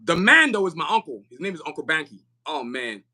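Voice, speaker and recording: High, bright-voiced animated man. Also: fairly quick. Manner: animated, emphatic, laughs often, repeats words. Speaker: podcast guest. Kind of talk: casual podcast conversation.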